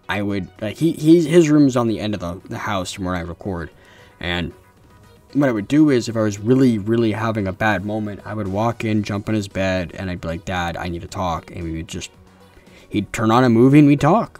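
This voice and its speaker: A young man hosting an advice video, talking in a casual, earnest, consoling way with frequent restarts, recorded in a room at home. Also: fairly low pitch.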